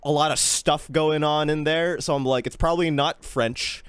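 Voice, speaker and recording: A man's voice: on the high side, normal speed, clear, resonant tone, dry recording. A man streaming a guessing game, chatting casually, swearing freely and poking fun at himself. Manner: swears freely, animated and self-mocking. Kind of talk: casual live-stream commentary.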